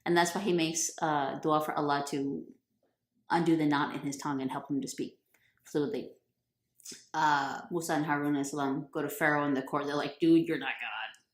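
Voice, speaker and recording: A woman's voice: deep voice, level tone, a little fast. A woman retelling a religious story in a playful, chatty, slangy way. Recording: roomy echo.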